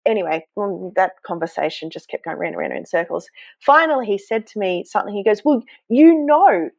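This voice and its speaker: A woman, a health coach, telling her story to a podcast host in an earnest, animated way, with self-deprecating asides. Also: fairly low pitch, fast talker, gravelly, dry recording. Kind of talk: conversational storytelling. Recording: dull, dry sound.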